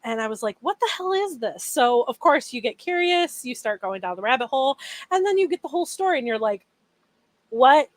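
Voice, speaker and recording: A young woman co-hosting a casual podcast, telling a story in an animated way with many fillers. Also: on the high side, fast talker. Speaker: podcast co-host. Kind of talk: casual chat.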